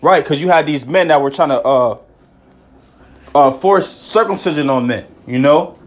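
Casting: man, slightly higher voice, informal bible teacher, excitable, casual filler talk. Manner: casual, repeats "man" and "you know"; reads verses slowly, excitable.

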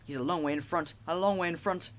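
A man's voice: fairly high pitch, big pitch swings, normal speed, a bit bright. A man voicing a pair of fussy female railway coaches who wail and echo each other in sing-song phrases. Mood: anxious. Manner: wailing, sing-song echoing.

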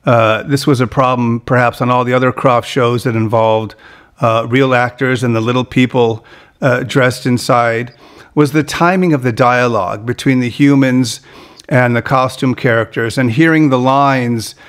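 A man hosting a podcast interview, chatty and halting, with many fillers and restarts. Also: medium pitch, fairly even intonation. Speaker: podcast host. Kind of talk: casual interview chat.

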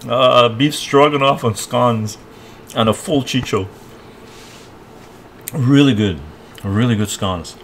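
A man's voice: medium pitch, slow pace, pauses often, fairly bright tone, a little hiss or hum. A man hosting a casual live stream, ranting and rambling in a loose, conversational way and often tagging his points with "right?".

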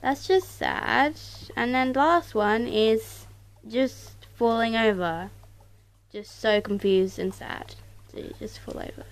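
A woman doing casual let's-play commentary to her viewers, excitable, exclaiming and mildly swearing, recorded on a tablet. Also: a little high, slow. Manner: talks straight to viewers. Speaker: gaming YouTuber.

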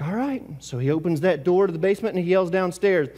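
A man's voice: high-pitched, quick pace, darkish tone, long reverb tail. A man preaching a sermon as pastor, talking casually and asking the congregation questions. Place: church sanctuary.

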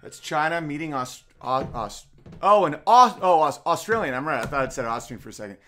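A man's voice: mid-range voice, fast, over music. A middle-aged man hosting a casual comedic podcast, firing off sarcastic rhetorical questions. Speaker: podcast host.

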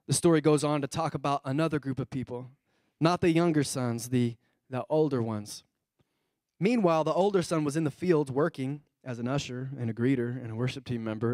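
A man in his thirties preaching a sermon as a pastor, animated, asking the congregation questions and acting out characters' lines. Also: on the high side, brisk, dry recording, clean studio sound. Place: church.

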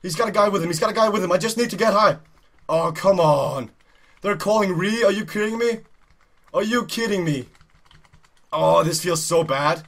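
A man giving excited live commentary while playing a cycling race game, urging himself on, repeating phrases and shouting. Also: high voice, moderate pace, gravelly, long pauses. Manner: urgent, repetitive, shouting in excitement. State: out of breath. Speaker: gaming YouTuber.

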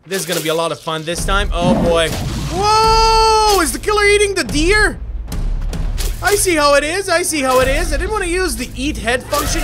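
A man commenting energetically on his own gameplay, often shouting and laughing as he plays. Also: very high-pitched. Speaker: gaming YouTuber. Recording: music playing behind.

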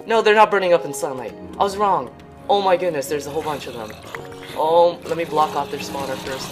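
A man giving let's play commentary, excitable and easily panicked, with yelps and repeated exclamations. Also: a little high, fast, over music. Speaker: gaming channel host.

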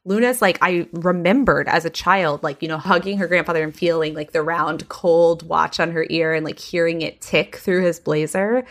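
A woman's voice: lowish voice, moderate pace, few pauses. A woman podcast host telling a story in casual chat, full of "like" fillers. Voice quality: frequent "like" fillers, animated retelling.

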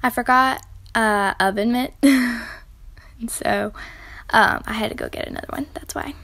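A woman's voice: a little high, unhurried, fairly bright tone, dry recording. A woman, chatting and giggling as she bakes in her home kitchen for a casual vlog tutorial. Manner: chatty and giggly, talking while she works. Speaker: baking vlogger.

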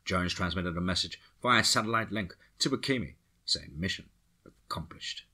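A man narrating a dark action story for a horror podcast with a steady, dramatic delivery. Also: low-pitched, moderate pace, husky.

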